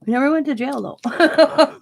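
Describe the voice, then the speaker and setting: An older craft-channel host from Wisconsin chats casually while crafting live, rambling through family stories and laughing at her own tales. She has a high voice with vocal fry and speaks at a measured pace.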